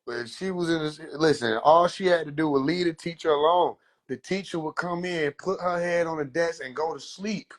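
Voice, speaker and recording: A young man livestreaming from his phone, rambling in an animated, profane way and slipping into quoted voices. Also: on the high side, normal speed, hardly any pauses. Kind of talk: rambling casual livestream monologue. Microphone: phone on a live stream.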